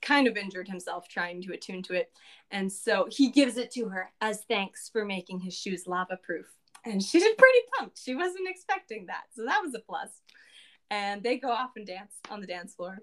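Chatty woman player recapping a game session, mid-pitched, lots of "like" and asides. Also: very animated, normal speed. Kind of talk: casual recap of a tabletop game.

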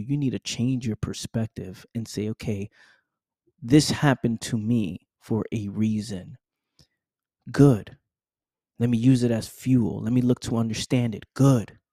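Mężczyzna, ciemny głos, motywacyjny monolog. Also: male voice, medium pitch, mellow, no room sound, clean studio sound. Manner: preachy, repetitive, addresses listener as "fam". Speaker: podcast host. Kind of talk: motivational monologue.

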